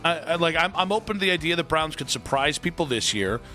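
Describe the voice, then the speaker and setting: Bright-voiced male sports radio host. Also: a little high, expressive, fast, faint music behind. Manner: loose, chatty, with frequent fillers and restarts. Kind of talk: casual sports talk.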